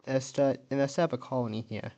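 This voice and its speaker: A man's voice: mid-range voice, fairly even intonation, fast, dark tone. A man casually narrating an alternate-history map video, thinking aloud and correcting himself as he goes.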